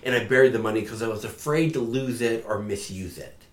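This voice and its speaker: A man's voice: lowish voice, fairly quick, reverberant, close to an everyday voice. A man voicing a fearful male servant who nervously hurries through his excuses. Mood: afraid.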